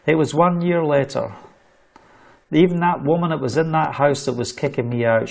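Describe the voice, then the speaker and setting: A man's voice: on the high side, normal speed, vocal fry, darkish tone. A middle-aged man preaching a livestreamed sermon, fervent and storytelling, repeating phrases for emphasis.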